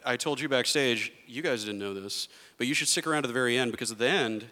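A man's voice: mid-range voice, fast, bright, forceful tone. A man from Texas moderating a convention panel, upbeat and hype-building as he talks with the guest. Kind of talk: convention emcee and casual Q&A. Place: large convention theater.

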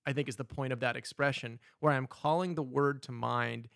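A man chatting casually as a podcast co-host, adding quick asides and telling stories with energy. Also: medium pitch, creaky, no room sound, clean studio sound. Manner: animated storyteller, quick asides. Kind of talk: casual chat.

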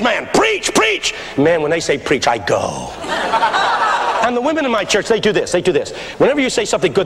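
A man from West Philadelphia telling a humorous sermon story, lively and building to shouts. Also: fairly high pitch. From West Philadelphia, USA. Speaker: preacher, guest speaker. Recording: archival talk in a reverberant hall with background noise.

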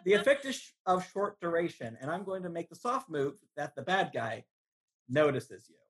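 A game master narrating a tabletop role-playing session in a relaxed way with frequent fillers. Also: medium pitch, normal speed, breathy edge.

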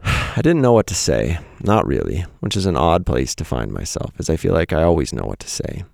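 A man's voice: very deep voice, creaky, a little mellow, dry recording, studio quality. A man hosting his own podcast, reading a personal essay aloud in a reflective, candid way. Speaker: podcast host. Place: home in Montana.

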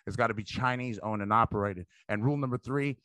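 A man, a stand-up comedian, chatting casually on a podcast, rambling and profane as he tells animated stories. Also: medium pitch, fast, no room sound.

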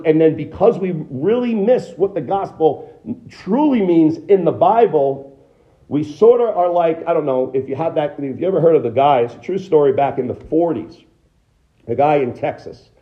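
American pastor preaching, higher voice. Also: male voice, highs cut off. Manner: conversational preaching with restarts and rhetorical questions. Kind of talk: sermon. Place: church sanctuary.

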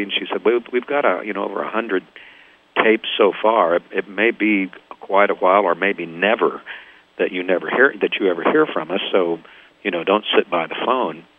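An older man from Kansas talks through a tinny phone line, his voice sitting a little low. He tells his band's story as a guest, acting out the people in it. It sounds like a radio phone interview. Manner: lively storyteller, acts out quoted voices. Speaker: band founder, guest.

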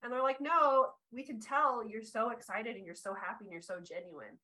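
A woman hosting a podcast in casual chat, excitable and talkative, quick to tear up when she gets excited. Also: a little high, low-quality recording. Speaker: podcast host.

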